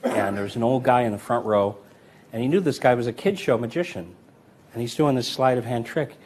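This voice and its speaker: A man talks through a coin magic routine in a relaxed, conversational teaching voice. He counts coins aloud as he works and slips into stories about older magicians. His tone stays easy and unhurried. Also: mid-range voice, breathy edge. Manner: relaxed, conversational, tells anecdotes with acted quotes; counts coins aloud while demonstrating sleights. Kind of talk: casual instructional demonstration.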